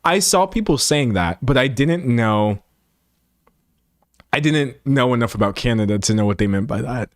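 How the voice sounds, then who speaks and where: A young Texas streamer with a medium-pitched voice at a moderate pace chats casually with comments, recorded dry and close. Animated, he plays up quotes using mock-dramatic voices, from a home room with a set backdrop.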